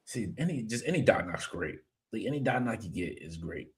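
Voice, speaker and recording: A man hosting a casual podcast chat, telling lively stories and quoting himself and viewers. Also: fairly low pitch, fairly quick, crowd noise. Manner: animated storyteller, quotes himself a lot, reads viewer comments. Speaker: podcast host. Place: home studio, video call setup.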